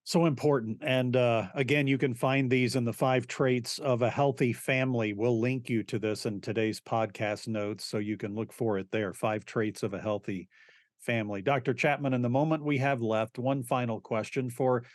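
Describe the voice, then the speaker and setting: A male podcast host puts a courteous question to his guest, speaking plainly with a few fillers at a mid pitch. His voice sounds close and dry. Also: fairly even intonation, moderate pace, no room sound. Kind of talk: interview questions.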